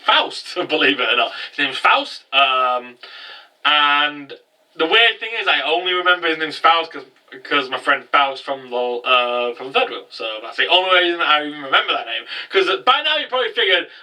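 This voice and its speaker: Animated man, bright distant voice. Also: a little high, moderate pace. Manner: animated, rambling, breaks into loud incredulous outbursts. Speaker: anime reviewer. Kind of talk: casual episode recap.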